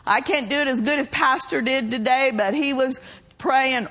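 A woman's voice: high voice, moderate pace, fairly bright tone. A woman preacher delivering a sermon to her church in an emphatic way, drawing out key words.

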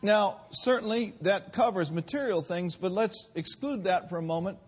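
A man preaching a sermon in a church, with call-and-response and drawn-out emphasis. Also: high voice, slightly rough.

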